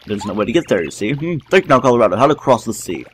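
A man's voice: medium pitch, sing-song, fast, fairly bright tone, breathy edge. A man voicing a pompous, eager male explorer in a game, talking in a theatrical old-fashioned posh way. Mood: grandiose.

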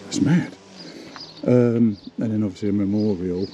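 A man's voice: fairly low pitch, fairly even intonation, normal speed, warm tone, a little hiss or hum. A man chatting casually to camera as a travel vlogger, rambling and self-deprecating. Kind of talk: casual vlog narration.

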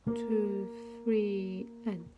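A woman leading a singing lesson. She counts in the beats, sings phrases slowly and explains notes quickly between them. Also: medium pitch, little pitch movement, lo-fi sound. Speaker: singing teacher. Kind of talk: choir rehearsal, counting in and singing. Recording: loud guitar accompaniment.

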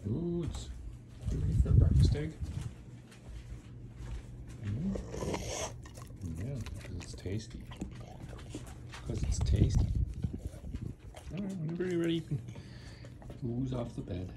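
Man, own voice, slow lilting pet talk to dogs; heavy background noise. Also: fairly high pitch, very animated. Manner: playful sing-song pet talk. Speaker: vlogger. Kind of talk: talking to pets.

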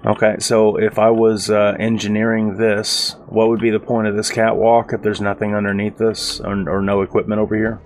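A man giving casual, profane let's-play commentary with a rough-sounding voice, rambling and sarcastic. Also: on the low side, monotone, moderate pace, hardly any pauses, a little hiss or hum. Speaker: gaming video host.

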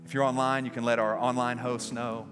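A man's voice: mid-range voice, flat delivery, fairly quick, big-room sound, over music. A man preaching as a pastor, leading an altar call and prayer in an earnest, pleading way inside a large church. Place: large church sanctuary with balcony.

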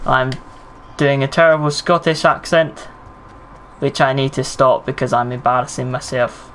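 A man's voice: mid-range voice, level tone, moderate pace, fairly bright tone, slight background noise, poor audio. A man streaming a battle royale game, chatting with viewers and commenting on his play, swearing under pressure. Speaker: gaming streamer. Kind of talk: live gameplay commentary.

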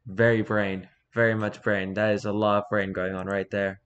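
A man reading internet posts aloud for comedy, with wry, dry asides and bursts of loud mock-arguing. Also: lowish voice, level tone, normal speed, hardly any pauses, smooth.

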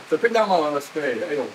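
Older man, ex-miner museum guide, animated storyteller, slightly raised pitch, faint hiss. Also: fairly quick. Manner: animated storyteller, laughs at himself. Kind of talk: guided tour talk. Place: indoor mining museum.

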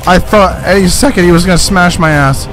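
A man's voice: sits high, fairly quick, over music. A man giving live gameplay commentary, swearing a lot and yelping when startled. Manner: profane, jumpy, yelps when startled. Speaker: let's play gamer.

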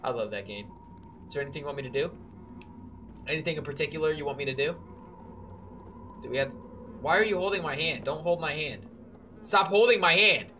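An excitable gamer giving casual commentary on a horror game, chatting to the characters on screen and now and then bursting into loud yells. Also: mid-range voice, fast talker, pauses often, noisy background. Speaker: let's play gamer. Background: background music beat.

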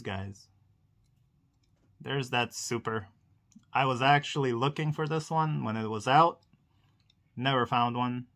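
A man's voice: medium pitch, a bit bright. A man hosting a casual unboxing vlog indoors, rambling and chatting to viewers with frequent laughs. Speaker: diecast collector channel host.

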